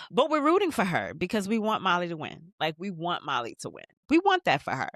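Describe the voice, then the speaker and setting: A woman hosting a casual TV rewatch recap, talking in an animated, slangy way and retelling scenes. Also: lowish voice, brisk, dry recording, studio quality. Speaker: podcast host.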